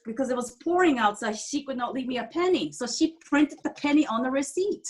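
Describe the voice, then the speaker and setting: A woman telling a personal story in a casual group chat, halting and often restarting her sentences, with non-standard grammar. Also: high voice, expressive. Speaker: group participant sharing a story.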